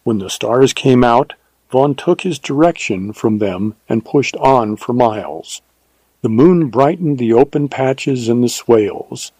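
A man reading a Western novel aloud in measured, even audiobook narration. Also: medium pitch, dry recording, low-quality recording.

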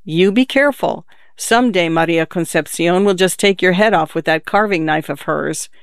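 A man's voice: sits high, normal speed, creaky, smooth, no echo, clean studio sound. A man voicing an irritable, blunt boss who gives curt warnings, read as part of a story.

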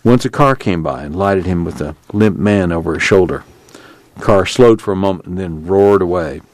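A man narrating a novel aloud, with a slow folksy drawl in the dialogue. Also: deep voice, dry recording. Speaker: audiobook narrator. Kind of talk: scripted narration with acted dialogue.

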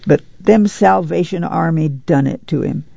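Reader doing a fierce woman, bitter, hoarse, gravelly, dry dull sound. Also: medium pitch, normal speed, warm tone, dry recording. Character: fierce proud poor woman.

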